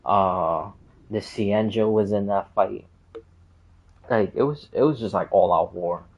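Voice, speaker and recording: Guy rambling about game lore, lots of likes, husky low voice. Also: a little slow, highs cut off. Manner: rambling, full of "like" and side tracks. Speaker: game streamer. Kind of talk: casual lore explanation.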